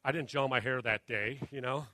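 Male pastor, 30s, sermon delivery; bright, slightly high voice, dry close mic, conversational with emphatic build. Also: fairly even intonation, no room sound. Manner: conversational, halting with restarts, rising to emphatic questions. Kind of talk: sermon with personal story.

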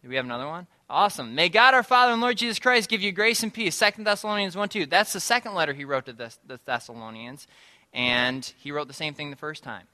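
A man's voice: fairly high pitch, fast talker. Chatty young man preaching a sermon. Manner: chatty, animated storytelling. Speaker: guest preacher. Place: church.

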